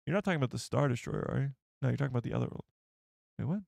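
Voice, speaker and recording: A man's voice: medium pitch, expressive, rapid-fire, gravelly, a little mellow, dry recording. Man hosting a rambling live stream. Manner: rambling, thinks aloud while searching and reading chat. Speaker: livestream host. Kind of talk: casual live-stream chat.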